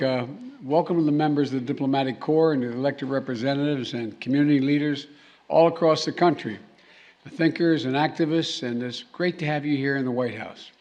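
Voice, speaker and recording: A president gives a formal speech at an indoor reception hall, his medium-pitched, darkish voice recorded with the highs cut off. He halts, repeats words, and trails off into restarts, tossing jokey off-the-cuff asides to the crowd.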